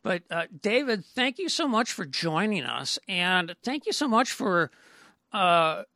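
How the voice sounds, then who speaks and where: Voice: medium pitch, big pitch swings, unhurried, sharp tone, dry recording. A podcast host chatting casually with a guest, stammering through many restarts. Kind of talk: casual interview talk.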